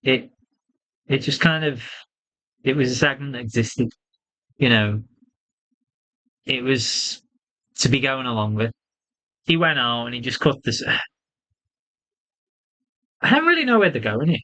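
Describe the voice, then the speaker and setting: A man giving a casual solo wrestling review, animated and swearing freely, often laughing. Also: mid-range voice, slow, long pauses, poor audio.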